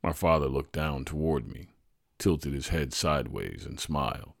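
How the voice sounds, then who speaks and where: Very deep-voiced male storyteller. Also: lively intonation, moderate pace, creaky, no echo, studio quality. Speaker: storyteller, podcast host. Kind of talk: reading a personal true story.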